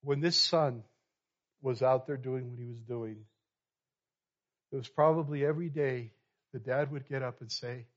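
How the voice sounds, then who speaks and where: A male pastor telling a story in a sermon, moving from quiet and soft to loud and animated. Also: mid-range voice, normal speed, pauses often. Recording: dull lo-fi sound.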